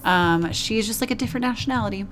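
A woman's voice: a little high, quick pace, fairly bright tone, soft background music. A woman casually narrating a life-simulation game, chatty and emotive, cooing at her characters. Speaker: gaming video host. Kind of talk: casual let's play commentary.

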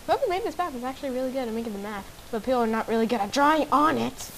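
A woman giving casual gameplay commentary, excitably guessing aloud and exclaiming at the game. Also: on the high side, racing, slight background noise, rough recording. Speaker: gamer. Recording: background game music. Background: game music.

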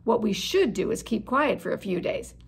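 A woman reading aloud, voicing a self-assured young male mouse who speaks calmly and a little grandly. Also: mid-range voice, normal speed, vocal fry, a little hiss or hum.

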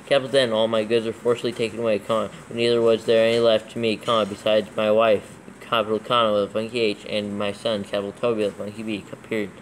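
For proofreading purposes, a man steadily reads out scripture, announcing capitals and punctuation along the way. He speaks quickly and barely pauses, his lowish voice staying level, and the low-quality recording carries slight background noise.

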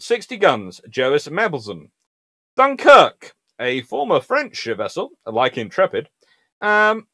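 Hombre británico animado, voz en sala seca. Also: male voice, a little high, dry recording. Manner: lively and chatty, reading names in a sing-song list. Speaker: naval historian hosting a livestream. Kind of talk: casual lecture reading ship lists and answering chat.

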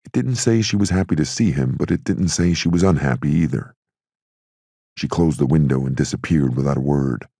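A man narrating a crime novel audiobook in a steady, measured storytelling manner. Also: a bass voice, husky, no room sound, clean studio sound.

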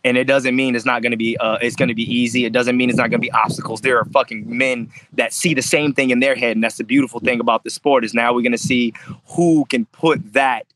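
Intense, swearing fighter, dry close sound. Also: male voice, mid-range voice, fast talker, no echo, low-quality recording. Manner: intense, animated, swears freely. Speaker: MMA fighter, interview guest. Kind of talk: casual interview storytelling.

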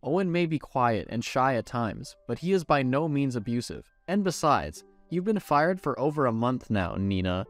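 A man's voice: medium pitch, big pitch swings, normal speed, hardly any pauses, faint music behind. A man voicing a loyal grocery employee firmly defending his boss. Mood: firm defense. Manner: firm, defending. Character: loyal male grocery employee, firm and protective.

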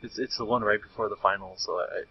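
Here a young streamer talks quickly in a fairly low, fairly even voice. Playing a handheld game, he chats casually with a friend, reads the menus out loud, and laughs a lot, with faint game music under the lo-fi stream audio.

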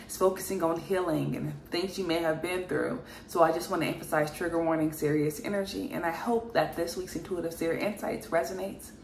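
A woman's voice: on the low side, fairly even intonation, a little fast, creaky, few pauses. Emphatic woman giving a spiritual reading. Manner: earnest, emphatic, sighs often. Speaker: spiritual reader. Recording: echoey room with faint noise.

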